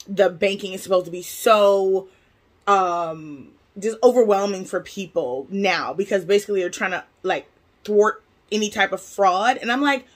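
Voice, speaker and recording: A woman spinning a storytime vlog, her voice sitting at an ordinary middle pitch. She tells it in an animated, exasperated way, full of fillers and acted-out quotes. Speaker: vlogger. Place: lives in Taiwan.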